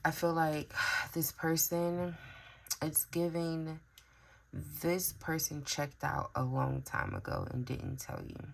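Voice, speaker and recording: Very deep gravelly woman reading tarot. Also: big pitch swings, slow pace. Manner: chatty, musing aloud with fillers and sighs. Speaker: tarot reader. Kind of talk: casual intuitive tarot reading.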